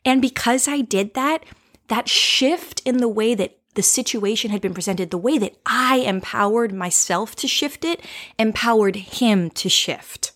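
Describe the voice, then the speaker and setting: A woman hosting her own show, talking through a lesson by telling a story from her life. Her delivery is playful and animated, full of little laughs. She keeps checking in with the listener as she goes. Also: a little high, measured pace. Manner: animated, with frequent tag questions. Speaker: podcast host.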